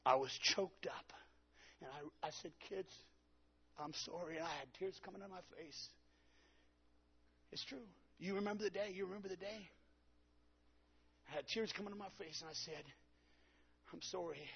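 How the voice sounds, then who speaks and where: A man preaching with a very husky, gravelly voice that sits a little high. He tells his story dramatically and plays out his own quotes. The recording is dull and lo-fi. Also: normal speed, long pauses. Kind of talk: sermon.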